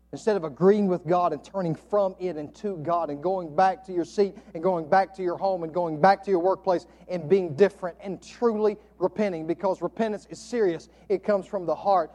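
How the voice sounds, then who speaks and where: A man preaching a sermon from the pulpit, quoting old scripture and swinging from loud emphatic lines to soft, hushed ones. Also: high-pitched, a little fast. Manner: quotes King James scripture. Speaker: pastor.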